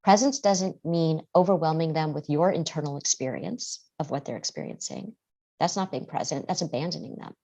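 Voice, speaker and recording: A woman's voice: sits low, normal speed, vocal fry, warm tone, lo-fi sound. A woman guest therapist giving earnest podcast interview answers, often acting out how parents and children talk.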